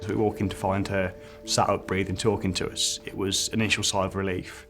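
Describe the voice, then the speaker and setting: A paramedic recalling a call in a calm, reflective interview. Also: male voice, deep voice, a little fast, faint music behind. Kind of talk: interview recollection.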